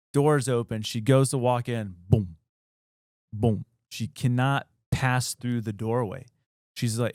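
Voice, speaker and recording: Clear-voiced man retelling a story casually. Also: medium pitch, darkish tone, dry recording, clean studio sound. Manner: rambling, filler-heavy retelling. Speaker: podcast host.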